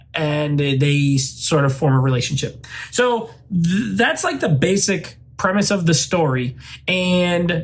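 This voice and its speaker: A man hosting his own channel, giving a loose, rambling spoken movie review full of "like" and "uh" fillers. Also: sits high. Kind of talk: casual spoken film review.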